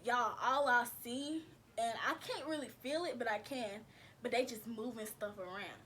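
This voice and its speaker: A woman's voice: a little high, moderate pace, a bit bright, a little hiss or hum. Chatty woman vlogger telling a story. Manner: chatty, addresses viewers as y'all, slangy and laughing. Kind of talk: casual storytelling to viewers.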